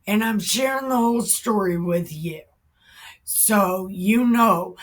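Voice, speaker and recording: A woman giving heated reaction commentary on the Bible, swearing often and breaking into shouts. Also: medium pitch, slow pace. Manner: heated, profane, bursts into shouting.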